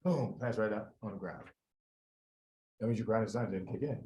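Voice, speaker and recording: A man teaching a live medical review class, quizzing students and talking through the reasoning in an animated way. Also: fairly low pitch, rough recording. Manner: animated, quizzes students, quick asides with sudden quiet drops. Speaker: medical board review lecturer.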